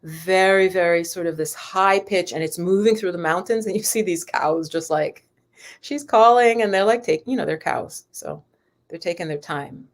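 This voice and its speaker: A spiritual teacher and yoga host chats casually with viewers on a live stream, rambling and addressing her audience directly. She speaks at a moderate pace in a voice on the low side.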